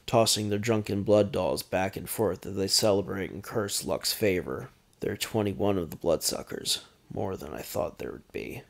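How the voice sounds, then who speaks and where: A man reads first-person dark fantasy narration in a steady, grim, deliberate way. His voice is low and gravelly, with plenty of fry. He keeps a measured tone throughout. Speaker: narrator reading his own fiction.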